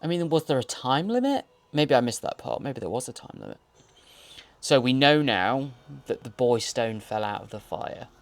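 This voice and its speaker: A man's voice: mid-range voice, animated, moderate pace. Wry, rambling man commentating. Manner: rambling, wry and jokey, reacting as he watches. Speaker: host. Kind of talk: audio commentary on a TV episode.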